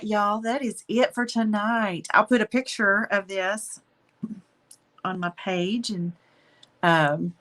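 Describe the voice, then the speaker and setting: Chatty woman signing off a stream. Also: fairly low pitch. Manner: warm, affectionate, chatty, says y'all. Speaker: live painting stream host. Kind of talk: casual live-stream chat.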